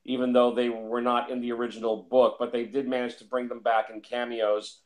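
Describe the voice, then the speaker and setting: A man's voice: mid-range voice, flat delivery, a little fast, darkish tone. A man talking casually about films, rambling and repeating himself with lots of fillers. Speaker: film reviewer. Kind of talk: casual film discussion.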